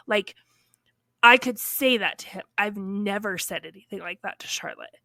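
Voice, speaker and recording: A woman telling a personal story on a podcast in a casual, animated way, full of fillers and acted-out quotes. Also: medium pitch, moderate pace, creaky, no echo, studio quality.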